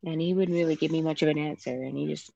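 A woman in her thirties calling in to a show, telling her story in a hesitant, halting way with many fillers. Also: sits low, fairly even intonation, gravelly, mellow, no echo. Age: 30s. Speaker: caller. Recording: dull phone-line caller audio.

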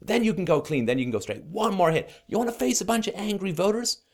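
Give me a wheedling, high-voiced male drug pusher, as a man puts him on, lively and coaxing. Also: fast, heavily acted. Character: sleazy male drug pusher lurking in an alley.

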